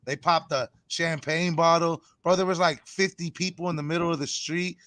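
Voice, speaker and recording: An excitable man in casual chat who says "bro" constantly. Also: on the high side, moderate pace, no echo.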